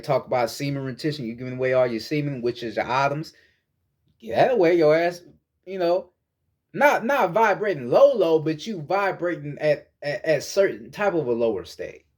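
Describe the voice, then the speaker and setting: A young man giving a casual spoken lesson on meditation, blunt, profane and preachy, often repeating words as he searches for phrasing. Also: on the high side. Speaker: spiritual teacher.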